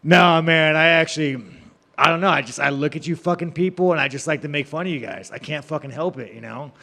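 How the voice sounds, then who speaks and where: A man's voice: on the high side, fairly quick, vocal fry, bright, forceful tone, big-room sound. A man, a fighter answering reporters, talking in a brash, profane, rambling and joking way. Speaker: fighter at a press event. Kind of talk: media scrum answers.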